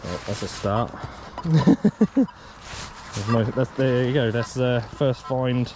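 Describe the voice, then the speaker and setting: A man's voice: mid-range voice, fairly even intonation, measured pace, very noisy. A man talking casually as he sets up and uses a metal detector outdoors, rambling with many ums and restarts. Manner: rambling, hesitant, many ums and self-corrections. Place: open farm field outdoors.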